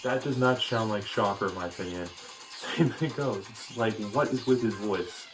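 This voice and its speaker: A man's voice: lowish voice, normal speed, over loud music. A man giving a casual, opinionated critique of a cartoon, rambling with frequent restarts. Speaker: video commentator.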